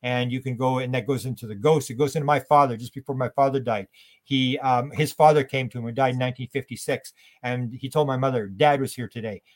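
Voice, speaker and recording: Older guy from canada talking quick in an interview, lively storyteller doing little voices, medium pitch. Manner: animated storytelling, acts out quoted voices. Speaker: interview guest. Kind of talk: conversational interview.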